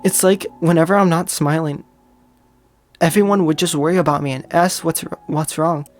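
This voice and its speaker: A game player reading aloud as a timid, sad teenage girl who speaks softly and hesitantly. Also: medium pitch, fairly even intonation, moderate pace, faint music behind, close to an everyday voice. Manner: soft, hesitant. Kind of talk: reading a visual novel aloud.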